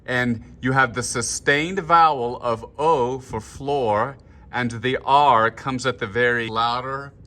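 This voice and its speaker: A man leading a choir rehearsal talk-through, explaining markings and singing short phrases in falsetto to show them. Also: fairly even intonation, takes it slowly, bright, forceful tone. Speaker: choir director. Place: room, filming himself. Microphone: handheld camera.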